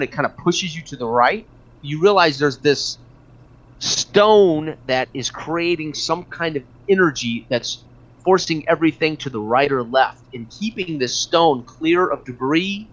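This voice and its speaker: A man's voice: fairly high pitch, lively intonation, measured pace, fairly bright tone. Guy running a tabletop game, lots of uh's, muffled lo-fi sound. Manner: hesitant, many fillers and restarts. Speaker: game master. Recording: dull lo-fi recording.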